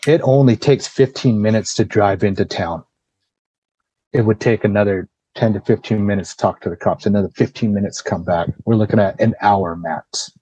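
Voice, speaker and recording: A man's voice: fairly low pitch, normal speed, mellow, slightly rough, no room sound. A man who is a podcast guest, recounting a personal ordeal in casual, blunt, profane storytelling full of "you know" and "like".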